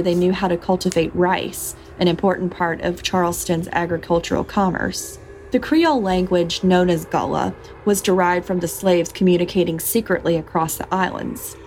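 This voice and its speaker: A woman's voice: lowish voice, a little hiss or hum. A woman hosting a podcast, telling a folktale and chatting, laughing often. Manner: laughs often, animated storytelling. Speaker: podcast host. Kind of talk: storytelling a folktale and casual chat.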